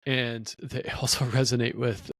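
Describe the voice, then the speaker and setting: A middle-aged man hosts a podcast, sharing stories in an earnest, supportive way. His voice sits at medium pitch with a level tone and a fairly bright quality, and he speaks unhurriedly. The recording has no room sound.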